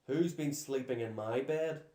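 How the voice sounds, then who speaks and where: Big gruff papa bear growling out loud, guy doing the voice, echoey room. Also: medium pitch, unhurried, close to an everyday voice. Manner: growling, roaring.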